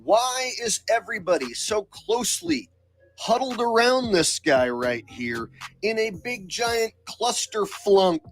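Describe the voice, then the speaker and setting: A man talking in a sarcastic, insistent way, delivering commentary for his video channel. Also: high-pitched. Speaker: online commentator.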